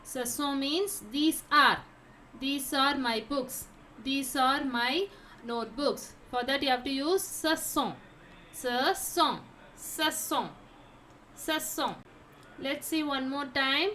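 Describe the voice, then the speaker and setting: Slow, high-voiced woman teaching vocabulary. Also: steady tone, sharp tone, a little hiss or hum. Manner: repeats each word several times, asks herself "how to pronounce?". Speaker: French teacher. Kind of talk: slow vocabulary lesson with repetition.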